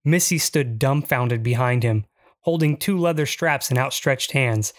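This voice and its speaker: Deadpan memoir narrator, mid-pitch voice, super dry close mic. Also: unhurried, no room sound. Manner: dry, wry storytelling.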